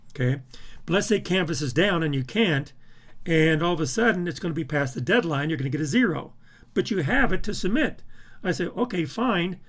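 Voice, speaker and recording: Emphatic, slightly high-voiced male professor. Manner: emphatic, repeats words and restarts phrases. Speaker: university professor. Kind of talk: recorded syllabus walkthrough.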